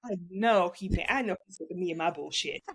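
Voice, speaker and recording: A woman co-hosting a casual podcast chat, expressive, cursing freely and laughing. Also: on the low side, fairly quick, breathy edge. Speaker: podcast co-host.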